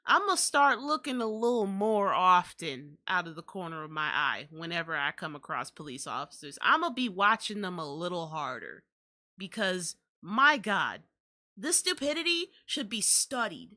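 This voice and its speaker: A woman's voice: lowish voice, big pitch swings, moderate pace, sharp tone. A young adult woman hosting a podcast, ranting in exasperated, profane commentary. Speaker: podcast host.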